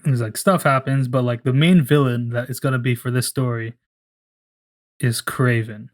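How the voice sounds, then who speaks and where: A man in casual podcast chat who rambles and swears freely. He keeps restarting his sentences as he pitches ideas, and his voice sits in a middle pitch. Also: fairly even intonation, normal speed. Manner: rambling, profane, full of restarts. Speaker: podcast co-host.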